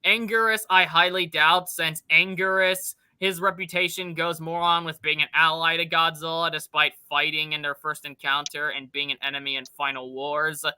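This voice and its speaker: A man's voice: a little high, flat delivery, moderate pace, hardly any pauses, pushed and bright, clean tone, no room sound. A young man hosting a casual podcast chat, rambling enthusiastically and swearing casually. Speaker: podcast host.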